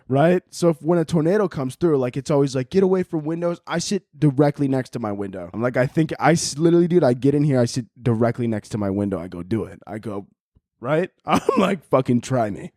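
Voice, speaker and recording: A man's voice: mid-range voice, a little mellow, no echo, studio quality. A young man hosting a podcast in casual, rambling chat, joking and swearing a lot. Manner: profane, jokey, rambling. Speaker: podcast host.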